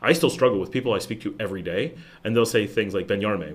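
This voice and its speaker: A man's voice: mid-range voice, fast. An American man hosting a casual livestream, answering viewer questions in a rambling, chatty way with many restarts. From United States. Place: home in Nicaragua.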